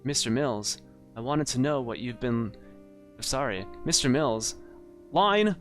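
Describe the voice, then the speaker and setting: A man's voice: mid-range voice, animated, takes it slowly, soft background music, voice pushed up. A man voicing a scheming married woman client in a noir story game, pleading and then seductive.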